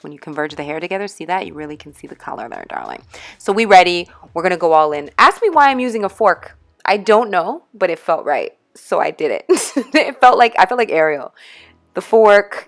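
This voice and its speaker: A young woman talks through a hair tutorial with a low, full voice, bubbly and teasing as she chats straight to her viewers. Soft music plays faintly under her. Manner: bubbly, playful, calls viewers darling. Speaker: beauty vlogger.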